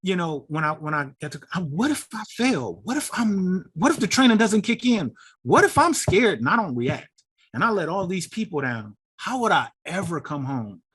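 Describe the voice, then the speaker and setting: A middle-aged man, a guest on an interview show, telling a personal story in an animated and emotional way. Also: sits high, moderate pace, breathy edge. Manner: animated, acts out quoted voices, gets emotional.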